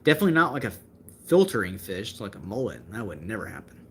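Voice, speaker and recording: A man's voice: fairly low pitch, wildly swooping pitch, fast talker, a bit bright, a little hiss or hum. A young man chatting casually on a livestream, talkative and full of fillers as he answers viewers. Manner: talkative, gestures with hands, fillers and restarts. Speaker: livestream host answering chat.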